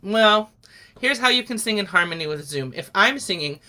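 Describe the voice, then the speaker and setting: Middle-aged woman, song leader, bright and clear, patient and encouraging, on a video call. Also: mid-range voice, animated, normal speed. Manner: patient, encouraging, explains step by step. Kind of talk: online singing lesson.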